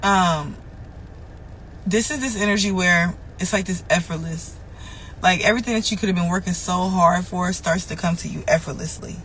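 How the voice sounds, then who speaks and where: Her lowish, slightly bright voice comes at a normal speed through a rough recording with a little hiss or hum. She's a tarot reader doing a casual, conversational spiritual reading, swearing freely and repeating phrases for emphasis.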